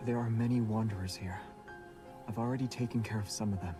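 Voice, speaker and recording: A man voices a reserved young hunter who keeps his words short and his tone low. He sounds calm and matter-of-fact, with soft music playing behind him. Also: fast talker, close to an everyday voice.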